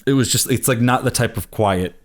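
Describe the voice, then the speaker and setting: A man's voice: medium pitch, brisk. A man co-hosting a casual movie review podcast, rambling with lots of fillers and restarts. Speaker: podcast co-host.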